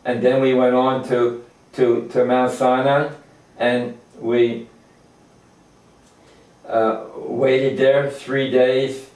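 An older man teaches a Torah lesson at an unhurried pace, stopping often to search for words and restart. His voice reaches the mic from a distance in a roomy, echoing space. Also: mid-range voice, little pitch movement, darkish tone. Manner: halting, many fillers and restarts. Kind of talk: informal religious lecture. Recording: echoey room, distant mic.

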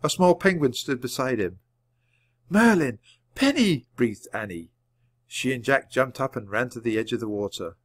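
A man reading a children's book aloud at a clear, measured pace. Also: mid-range voice, animated, no echo. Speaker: storybook reader.

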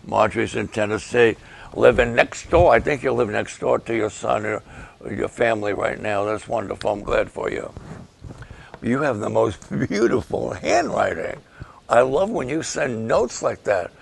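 An older man, a pastor, giving an emotional, halting update and prayers for his ministry partners. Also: medium pitch, animated. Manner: emotional, halting, slow and gravelly.

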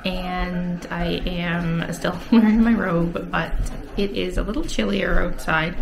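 A woman's voice: lowish voice, vocal fry. A woman in her thirties chatting casually at home for her vlog, with frequent laughs and fillers. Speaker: vlogger, teacher. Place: home, indoors.

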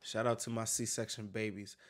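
A man's voice: fairly low pitch, little pitch movement, normal speed. A man hosting a reaction video, talking in a casual, emphatic way with lots of slang and swearing.

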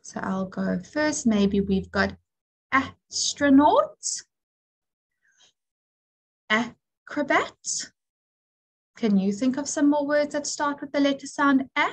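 A woman teacher giving an early literacy lesson to young children, speaking clearly and encouragingly with call-and-response prompts. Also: high voice, steady tone, moderate pace, few pauses, low-quality recording.

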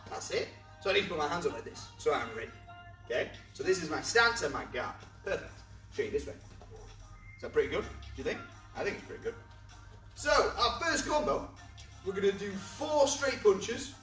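Guy running a kids martial arts class, high lively voice, bouncy and encouraging, kinda far from the mic. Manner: upbeat, encouraging, explains step by step; demonstrates moves while talking. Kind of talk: teaching a kids' martial arts class to camera. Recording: echoey room, from far off, faint music.

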